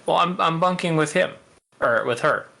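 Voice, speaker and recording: A man voicing a rude, confused male character who talks blunt and gruff while stuffing himself with food in a tabletop game. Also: fairly high pitch, moderate pace, sharp tone, pitched above the performer's own voice.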